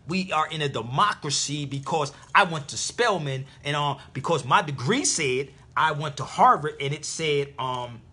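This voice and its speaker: A man putting on a smug know-it-all who lectures in a condescending, halting way, dropping "brother" into every sentence. The voice is husky and swoops up and down a lot. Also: on the high side, animated, sharp tone, full character voice.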